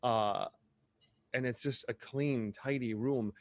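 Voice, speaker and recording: A middle-aged man chatting as a podcast guest, rambling and animated, drifting off on tangents and finding his way back. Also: mid-range voice, takes it slowly, no room sound, clean studio sound. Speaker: podcast guest, drag performer. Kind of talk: casual podcast conversation.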